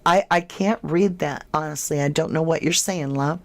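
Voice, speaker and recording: A woman's voice: deep voice, moderate pace. A woman hosting a casual true crime livestream, reading viewer comments aloud and chatting with them as "love".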